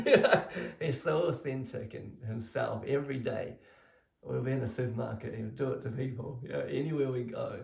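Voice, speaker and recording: A young man casually telling the story of his spiritual initiation, animated and laughing often as he talks. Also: mid-range voice, brisk, creaky. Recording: roomy echo, mic at a distance.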